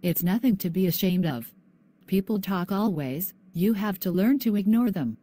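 A tender, reassuring mother, voiced by a female student in a school video. She speaks in a mellow, warm middle-pitched voice. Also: expressive, moderate pace, no room sound, natural voice. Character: loving, comforting mother.

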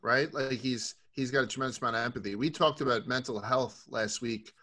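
A middle-aged man from Brooklyn sits in as a guest and talks in loose, rambling stories peppered with swearing. His pitch sits at an ordinary middle height for a man. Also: a little fast, bright, forceful tone. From Brooklyn, New York. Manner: rambling, profane storyteller. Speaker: podcast guest. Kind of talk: casual podcast chat.

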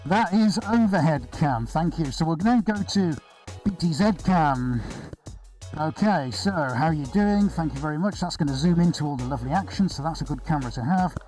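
Brief: upbeat male artist host, slightly high voice, chatty and rambling, live-stream feel. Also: expressive, a little fast, a little mellow, soft background music, low-quality recording. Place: indoor studio floor with extractor fan.

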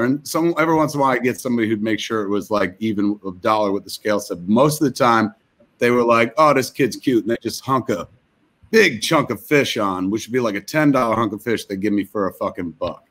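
A man's voice: medium pitch, quick pace. Profane New man spinning a tall tale. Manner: rambling, profane, deadpan storytelling. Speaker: guest filmmaker telling a comic story. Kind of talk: comic storytelling on a video call.

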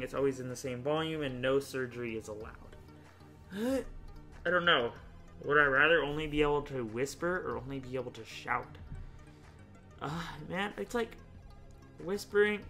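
Bright-voiced young man rambling casually. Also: fairly high pitch. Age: young adult. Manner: rambling, chatty, laughs often, thinks out loud. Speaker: YouTube host playing a choice game. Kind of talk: casual gaming commentary.

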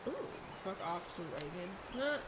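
A woman's voice: on the low side, very animated, normal speed, noisy background. A young woman streaming a game from home, chatting casually and rambling with lots of fillers. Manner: chatty, bubbly, rambling with many likes and ums. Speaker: gaming streamer. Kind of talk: casual let's-play commentary. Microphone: desk mic with webcam.

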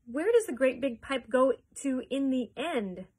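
A woman voicing a hysterical rich mother in a children's storybook read-aloud, shrill and wailing. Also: lively intonation, takes it slowly, sharp tone, slightly rough, heavily acted. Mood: frantic.

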